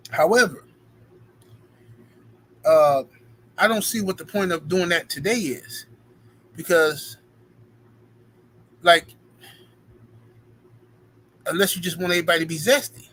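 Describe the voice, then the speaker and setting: High-voiced animated male streamer. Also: a little hiss or hum, low-quality recording. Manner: animated, reads out super chats and thanks donors; emphatic, playful street talk. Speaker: live stream host. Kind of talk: casual live-stream commentary.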